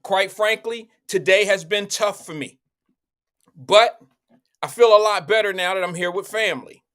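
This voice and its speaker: A man with a high voice hosts a live online talk show. He chats loosely with viewers, repeats his questions and speaks into his own microphone. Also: normal speed, a bit bright. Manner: loose, repetitive, talks straight to viewers. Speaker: livestream show host. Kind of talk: casual live-stream chat.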